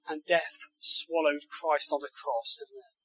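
A man delivers a sermon in a high voice, building his phrases with emphasis and turning to the congregation with rhetorical tag questions. His tone is bright and forceful, and the sound is dry and close, with no room echo. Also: little pitch movement, unhurried, breathy edge. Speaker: preacher.

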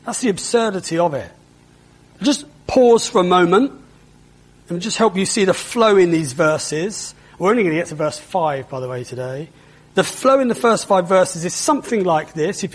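A man preaching a sermon, explaining a passage step by step and asking the congregation rhetorical questions. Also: high voice. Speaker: pastor.

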